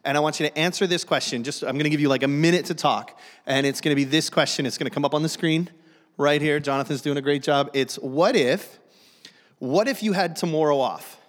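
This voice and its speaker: A man's voice: a little high, a little fast, in a large hall. A man preaching a humorous sermon to a church, self-deprecating and joking, often restarting his sentences. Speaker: guest pastor. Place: church sanctuary.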